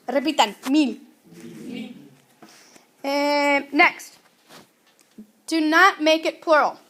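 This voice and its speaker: Slow, high-voiced woman teaching Spanish. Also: fairly bright tone. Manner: clear, deliberate, drilling students to repeat. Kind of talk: classroom grammar lesson.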